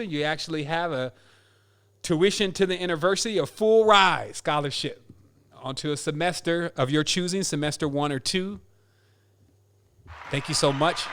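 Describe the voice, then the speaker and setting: Upbeat podcast host man, smooth voice. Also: a little high, fairly bright tone. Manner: upbeat, reads names and prizes, counts aloud. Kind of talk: casual giveaway announcements.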